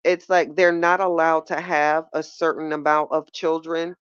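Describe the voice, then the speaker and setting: A woman with hosts a casual livestream, talking right to her viewers. She is animated and repeats phrases for emphasis, her voice smooth and resonant. The sound is dry and close, a little dull. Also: low voice, moderate pace, no room sound. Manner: animated, repeats phrases, talks straight to chat. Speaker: livestream podcast host.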